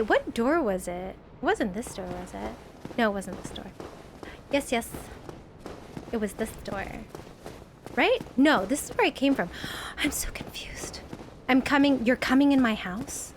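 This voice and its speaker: A woman's voice: a little high, a little slow, long pauses, a little hiss or hum. A woman streaming a game live, chatting to her viewers, yelping and swearing at the game as it goes wrong. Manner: excitable, yelps and swears at the game, chats to viewers. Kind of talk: casual live gameplay commentary.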